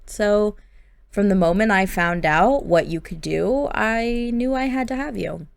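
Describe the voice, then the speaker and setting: A woman's voice: medium pitch, unhurried, vocal fry, clear, resonant tone. Woman doing Nathalin, a cold scheming husband.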